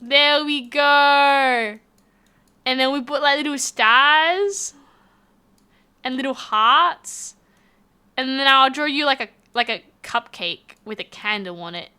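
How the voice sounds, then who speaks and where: Reading chat messages during a relaxed live stream, a woman with an Australian accent sounds giggly and animated. She speaks slowly in a high-pitched voice.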